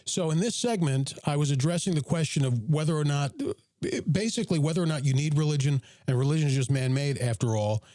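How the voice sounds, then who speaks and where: A man's voice: fairly high pitch, quick pace, warm tone, dry recording, clean studio sound. A man hosting a live reaction stream to his own show, reading chat and commenting emphatically with jokey asides.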